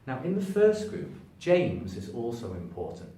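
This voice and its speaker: A man teaching English pronunciation to camera, stretching and stressing words to show each point, stepping toward and away from the camera. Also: normal speed. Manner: demonstrates stress by stretching words, lively shifts in pitch. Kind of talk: spoken English lesson to camera. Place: room standing before a sign. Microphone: camera at a distance, moving toward and away from it. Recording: echoey room, voice from a distance, faint background noise.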